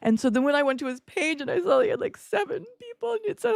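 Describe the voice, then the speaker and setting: A woman content creator chatting on a live stream, telling stories with big swings in pitch and frequent laughs. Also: expressive, fast, creaky, hardly any pauses, no room sound, studio quality. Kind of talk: casual live-stream chat.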